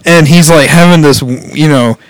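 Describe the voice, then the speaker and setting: A man with a voice on the high side chats casually at a moderate pace, with no echo, as he retells an anime plot. He rambles, laughs as he goes, and quotes the characters in different voices.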